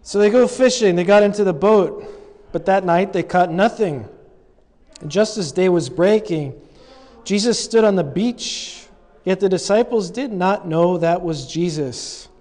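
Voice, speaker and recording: A high-voiced man preaching, retelling a scripture scene with playful asides and little acted-out voices. His words ring with the long reverb of a big hall. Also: measured pace. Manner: animated storytelling, acts out quoted lines with humor. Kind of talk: sermon.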